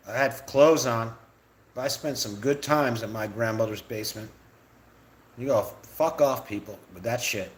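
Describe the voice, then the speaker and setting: A middle-aged man on a live stream, ranting with lots of repetition and swearing. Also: mid-range voice. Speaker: livestreamer ranting about realtors.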